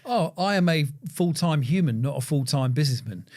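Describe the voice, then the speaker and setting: A man, a podcast guest speaking reflectively, with many pauses, fillers and restarts. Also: fairly high pitch, animated, a little mellow. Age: 40s. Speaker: podcast guest, agency founder. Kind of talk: reflective conversation.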